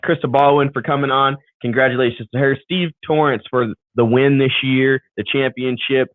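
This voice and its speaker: A medium-pitched man co-hosts a live racing talk show, chatting loosely on a video call and rambling through thanks and sign-offs. The call audio is tinny and phone-like, with no room sound.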